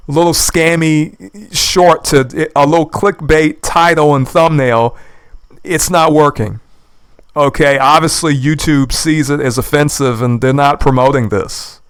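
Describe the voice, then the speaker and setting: A man's voice: fairly high pitch, smooth, no room sound. A man giving an indignant, sarcastic reaction commentary, repeating his points for emphasis. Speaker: YouTube commentator. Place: lives in the United States.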